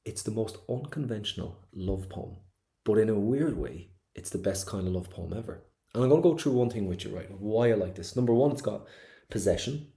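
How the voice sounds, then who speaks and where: A man's voice: on the low side, expressive, brisk, dark tone. A man with an Irish accent teaching an online exam-prep class, chatty and enthusiastic, acting out quoted lines as he goes.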